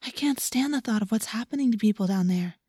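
Gentle, dreamy teenage girl, read by a woman. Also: a little high, fast, slightly rough, no echo. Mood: soft. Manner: soft, hushed and reflective.

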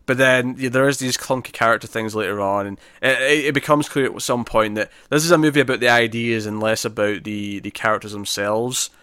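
A man co-hosting a casual podcast, chatting through a film review with lots of restarts and animated emphasis. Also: mid-range voice, a little fast, hardly any pauses, smooth, no room sound, clean studio sound. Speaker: podcast co-host.

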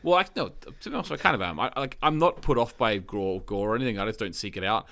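A man co-hosting a casual movie podcast, talking with quick self-corrections and frequent laughter. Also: fairly low pitch, animated, vocal fry, pushed and bright. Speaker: podcast co-host. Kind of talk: casual movie review chat.

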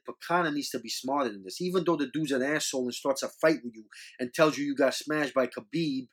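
A man hosting a show, talking casually and earnestly with many restarts, scolding as he goes. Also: medium pitch. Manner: rambling, repeats words, scolding and earnest. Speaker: podcast host. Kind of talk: casual opinion monologue.

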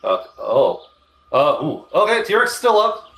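Casting: male player, lively swinging pitch, echoey room. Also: a little slow. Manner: animated, pleading, joking. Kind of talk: casual tabletop game chat.

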